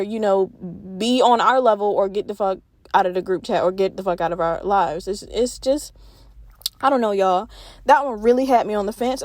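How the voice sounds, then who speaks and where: A young woman hosting a solo podcast, talking in a candid, profane, animated way. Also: on the high side, dry recording, studio quality. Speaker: podcast host.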